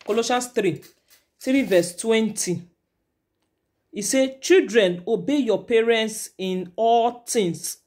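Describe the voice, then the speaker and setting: A woman with a Nigerian accent, a mother and vlogger, giving earnest advice to her viewers in casual talk, switching between Pidgin and English. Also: mid-range voice.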